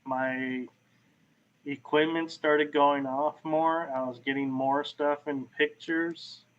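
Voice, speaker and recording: A man guest on a podcast, telling paranormal investigation stories in casual chat over a video call, animated. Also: a little high, slow pace. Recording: dull lo-fi call audio.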